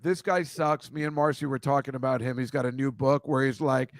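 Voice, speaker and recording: A man's voice: medium pitch, steady tone, fairly quick, hardly any pauses, no echo, studio quality. A man hosting a casual chat, rambling and swearing as he riffs through photos. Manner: rambling, profane, riffing on photos. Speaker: host.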